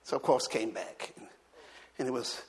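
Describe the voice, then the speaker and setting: A male pastor preaching a sermon, telling a chatty story full of restarts and rising to shouted calls for the congregation to repeat. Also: mid-range voice, normal speed, husky. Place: church. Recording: long hall reverb.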